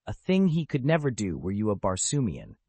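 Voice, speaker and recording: A man's voice: lowish voice, a little fast, husky, dry recording, exaggerated voice. A man voicing a proud, dignified pirate prince. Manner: calm, dignified, faintly ironic. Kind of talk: audiobook character voice.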